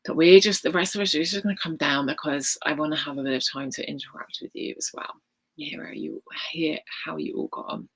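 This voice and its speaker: British lady, toned-down london accent, low gravelly voice, soft gushy chat on a video call. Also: fairly even intonation, fairly quick. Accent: British, softened London. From England. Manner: soft, chatty, gushing. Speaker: spiritual coach and healer leading a live session. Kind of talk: guided meditation and live chat.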